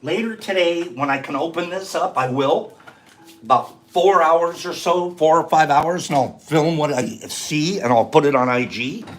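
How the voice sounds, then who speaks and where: A man's voice: fairly high pitch, normal speed. A man hosting a casual livestream, explaining each step as he goes and reading viewers' answers aloud in a chatty way. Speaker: livestream host. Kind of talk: casual livestream chat and how-to.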